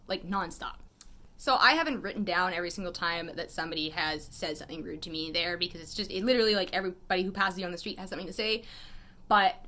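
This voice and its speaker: Bright, chatty woman telling stories. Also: mid-range voice. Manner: animated, chatty, many "like" fillers, wry. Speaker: photographer and vlogger. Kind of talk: casual storytelling vlog.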